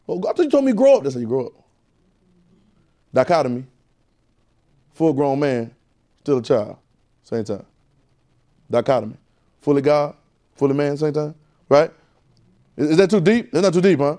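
A man's voice: on the high side, very animated, normal speed, pauses often, dark tone. A man teaching a Bible class in a preaching style, repeating phrases and calling out questions to the room. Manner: call-and-response, repetitive, emphatic.

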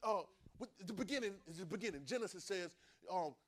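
A man's voice: sits high, lively intonation, a little fast. A man preaching a Bible class sermon, emphatic, repeating phrases and calling on listeners to answer back.

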